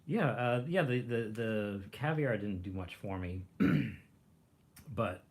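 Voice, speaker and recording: A man hosting a casual livestream, rambling, clearing his throat and chewing as he talks. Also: lowish voice, expressive, slow pace. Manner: rambling, clears throat, chews while talking. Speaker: livestream host reviewing rations.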